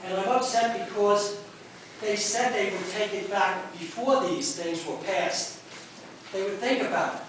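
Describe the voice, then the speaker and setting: A man's voice: high-pitched, measured pace, a bit bright, a little hiss or hum. An older man at a town hall meeting, pleading emotionally with his congressman and apologizing for getting upset. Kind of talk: impassioned public question. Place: library meeting room. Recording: echoey room taped from far off.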